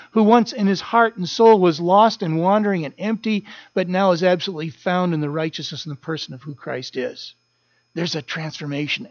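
A man's voice: sits high, a little mellow, no echo, dull audio. A man preaching a sermon as a pastor, earnest, repeating key phrases for emphasis.

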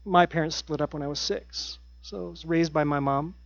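A middle-aged man preaching a sermon in an earnest way, repeating his key phrases and dropping his voice to a hush at times. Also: a little high, steady tone, moderate pace, creaky, dry recording, dull audio. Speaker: pastor.

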